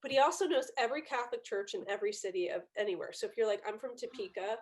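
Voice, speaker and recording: A woman guest on a podcast, telling lively, incredulous stories in casual chat. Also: mid-range voice, very fast, slight background noise. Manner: animated storytelling, incredulous.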